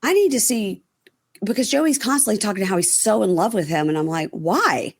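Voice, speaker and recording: A woman's voice: medium pitch, big pitch swings, quick pace, a little mellow, slightly rough, no echo. A woman hosting a casual podcast, recapping a reality episode and acting out people's lines, with frequent ums and swearing. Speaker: podcast host.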